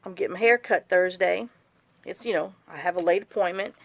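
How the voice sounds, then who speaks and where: Speaking briskly in a lowish, creaky voice with no room sound, a woman makes a journal for her craft vlog. She chats casually, wandering between stories and gripes.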